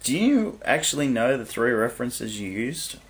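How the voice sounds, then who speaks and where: A man's voice: mid-range voice, big pitch swings, normal speed. An Australian man with an Australian accent, answering a review in a dry, wry way with frequent hesitations. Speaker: guest responding to the review.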